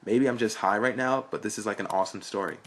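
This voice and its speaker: A man playing a stoned young guy, slow drawl, low husky voice. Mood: amused.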